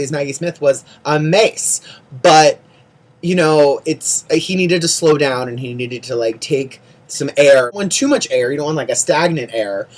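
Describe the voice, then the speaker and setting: A casual vlogger talking through a show recap at an ordinary middle pitch. The delivery swings between gushing praise and exasperated ranting, with lots of "like" and rapid repeated words. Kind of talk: casual chatty recap monologue.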